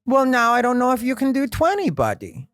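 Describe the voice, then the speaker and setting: A man putting on the voice of a patient, teasing male comedy club booker who calls everyone buddy in a calm, condescending way. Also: extremely high pitch, fairly quick, no echo, studio quality, voice pushed up, heavily acted. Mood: unbothered.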